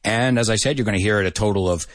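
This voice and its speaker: A man hosting a casual live English lesson, animated and chatty, slipping between English and Spanish phrases and laughing often. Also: on the low side, very fast, dry recording, studio quality.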